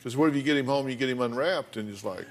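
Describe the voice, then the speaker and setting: A man's voice: mid-range voice, quick pace, heavy background noise. An older man hosting a talk show, asking probing questions in a blunt, folksy way.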